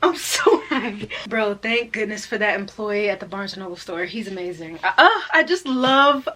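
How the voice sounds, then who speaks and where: A young woman vlogging about books in a casual, gushing, excitable way full of slang. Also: mid-range voice, normal speed. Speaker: book vlogger. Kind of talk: casual chat to camera.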